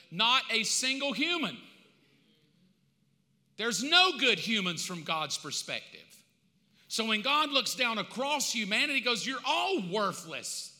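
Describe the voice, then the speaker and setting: A man preaching a sermon as pastor, emphatic and conversational, swinging from loud to hushed. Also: high-pitched. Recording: long hall reverb.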